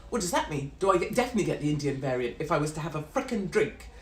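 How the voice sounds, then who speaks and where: A woman's voice: low voice, expressive, racing, few pauses, slight background noise. A middle-aged British woman delivering a brash, sweary, sarcastic live-stream rant. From Britain. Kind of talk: ranting live-stream monologue. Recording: roomy echo.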